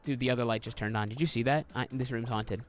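A young man streaming a game from a small room at home, chatting casually, joking and swearing with sudden excited yelps. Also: soft background music. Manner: animated and joking, swearing, quick pitch jumps into excited yelps. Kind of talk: casual livestream chatter while playing.

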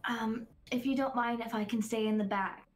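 A man voicing a tiny, timid companion in a high, hesitant, meek voice. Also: steady tone, normal speed.

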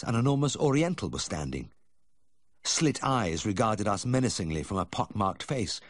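Male audiobook narrator, low voice, lively inflection, measured storytelling, close dry studio sound. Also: no room sound. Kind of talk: scripted first-person narration.

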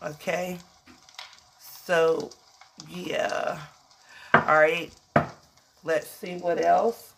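A woman's voice: fairly low pitch, flat delivery, drawn-out words, gravelly, pauses often, heavy background noise. Emotional chatty woman tarot reader. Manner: chatty, emotional, calls listeners "child". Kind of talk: casual tarot reading.

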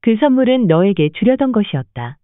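A woman briskly reading the Korean prompt sentences of a listening lesson. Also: on the high side, very animated, no echo. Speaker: narrator giving the Korean prompts. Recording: tinny, phone-like, dry.

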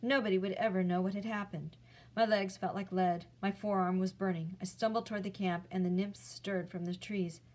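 A woman reads a chapter book aloud, steady and clear, at a middle pitch for a woman. She tells the story plainly as a teacher reading to her class. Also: normal speed, poor audio.

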